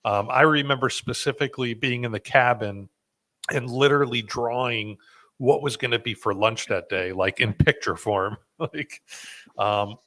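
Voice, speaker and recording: A man's voice: mid-range voice, normal speed, a bit bright. A man hosting a podcast, chatting casually and telling a rambling story with many fillers and restarts. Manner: rambling with fillers and restarts, self-deprecating laughs. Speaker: podcast host.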